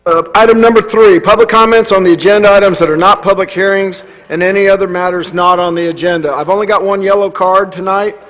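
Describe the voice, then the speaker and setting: A man's voice: high voice, steady tone, a bit bright. A man chairing a city council meeting, reading announcements and hesitating often with fillers and restarts. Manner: halting, many fillers and restarts.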